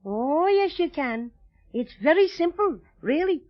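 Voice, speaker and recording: A man's voice: very high voice, big pitch swings, unhurried, heavily acted. An actor playing a small, friendly male teddy bear with an Irish accent in an old radio drama, with a lilting, cheery way of talking. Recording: dull old radio recording.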